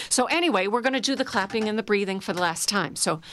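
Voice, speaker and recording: A woman leading a group through guided laughter exercises, playful and encouraging, breaking into loud laughter. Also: medium pitch, animated, brisk, heavy background noise. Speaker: laughter yoga leader.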